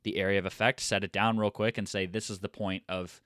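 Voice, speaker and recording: Low-voiced male podcast co-host. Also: little pitch movement, a little fast, fairly bright tone, dry recording, studio quality. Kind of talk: casual podcast chat.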